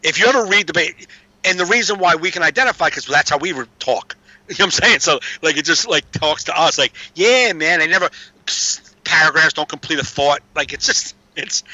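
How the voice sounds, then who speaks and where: Streetwise man, casual podcast chat, bright edgy voice, dry muffled sound, slightly high. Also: animated, a little fast, no echo. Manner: streetwise storyteller, swears freely. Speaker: podcast guest.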